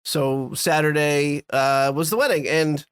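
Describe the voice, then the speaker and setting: A man's voice: on the high side, fairly even intonation, unhurried, clean tone, no room sound, clean studio sound. A man co-hosting a podcast, telling a rambling, self-deprecating story in casual chat with frequent restarts. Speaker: podcast co-host.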